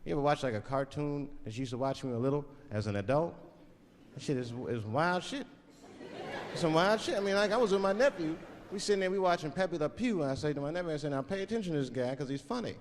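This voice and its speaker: A man's voice: fairly high pitch, animated, fast. Profane stand-up comic man. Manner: loose, profane storytelling with act-outs. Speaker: stand-up comedian. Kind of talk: stand-up comedy set. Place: stage before a live audience. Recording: live club hall with laughing crowd.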